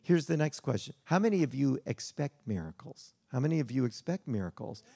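A man preaching a sermon to a congregation, telling a story in an animated, conversational way. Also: mid-range voice, brisk, vocal fry, breathy edge. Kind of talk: sermon with slide show.

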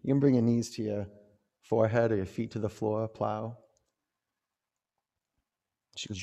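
A male yoga teacher with a low, gravelly voice calls out poses and drifts into relaxed, rambling stories. His talk has a loose, easy flow. The sound rings out with long reverb, as if in a large hall. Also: moderate pace, pauses often. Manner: relaxed, rambling storytelling between pose cues. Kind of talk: guiding a yoga class with chatty asides.

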